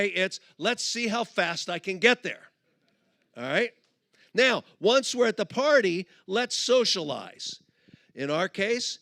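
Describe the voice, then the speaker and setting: A middle-aged man giving a humorous sermon at a conference, telling stories and acting out both sides of a couple in quick put-on voices. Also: high-pitched, fairly bright tone, no echo, clean studio sound. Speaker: conference speaker. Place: conference auditorium.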